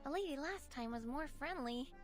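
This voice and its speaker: A woman's voice: high-pitched, lively intonation, moderate pace, soft background music. A woman voicing a polite, absent-minded young woman in a game who keeps losing her way. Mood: puzzled. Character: forgetful young woman lost in a hospital.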